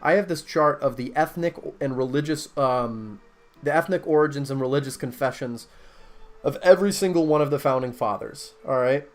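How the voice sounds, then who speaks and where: A man's voice: mid-range voice, normal speed, faint music behind. A man hosting a casual conversation, explaining and reading out facts with many fillers and restarts.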